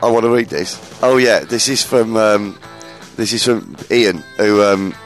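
Chatty man hosting radio, lowish voice. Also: a little slow, faint music behind. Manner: chatty and enthusiastic, rambling with restarts. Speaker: radio show host. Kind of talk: casual radio chat.

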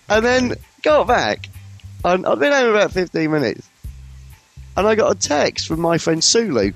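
A man hosting a radio show, telling a funny anecdote in lively, casual storytelling chat. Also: sits high, vocal fry, dry recording. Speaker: radio host.

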